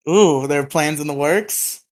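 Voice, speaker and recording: A man's voice: a little high, unhurried. A man co-hosting a podcast in casual chat over a voice call, rambling and self-deprecating, laughing often. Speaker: podcast co-host.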